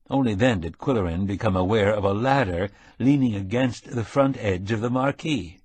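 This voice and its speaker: A man narrating a mystery audiobook in a measured, steady storytelling manner. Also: lowish voice, husky, no echo. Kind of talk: scripted narration.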